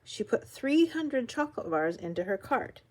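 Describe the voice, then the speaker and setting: An older woman reading a children's picture book aloud, her voice rising and falling with lively expression. She tells the story warmly paced and animated, slowing and softening at the tense moments. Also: on the high side. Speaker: storybook reader.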